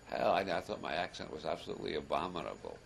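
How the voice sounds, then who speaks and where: A noisy archival recording captures an older man lecturing a live audience in a low, gravelly voice. He talks fast and very animatedly, wandering into self-deprecating asides as he chuckles through a wry, rambling, funny talk.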